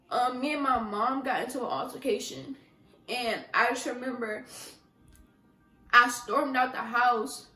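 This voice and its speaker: A young woman telling a personal story on her vlog, speaking softly and emotionally with halting restarts. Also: fairly high pitch, reverberant, rough recording. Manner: soft-spoken, emotional, halting with many restarts. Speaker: vlogger.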